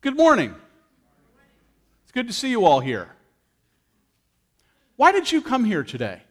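Animated man preaching a sermon. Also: high voice, moderate pace. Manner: animated, playful, engaging. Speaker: pastor. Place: church.

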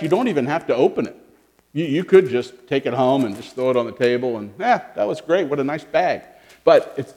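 Friendly male pastor, children's sermon, lively and questioning, in a church. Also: medium pitch, long reverb tail. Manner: animated, questioning, talks to children. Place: church sanctuary.

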